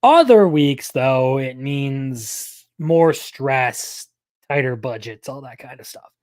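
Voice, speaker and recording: A man's voice: mid-range voice, lively intonation, slow pace, a little mellow, dry recording. A young man hosting a live anime news stream, talking casually and rambling, often correcting himself mid-sentence.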